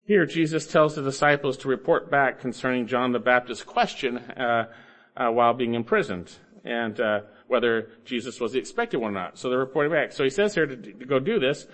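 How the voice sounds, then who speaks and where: A man preaching an expository sermon, emphatic, coaxing listeners along with rhetorical questions and swinging between loud stresses and low asides. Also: fairly quick. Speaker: preacher teaching Bible grammar.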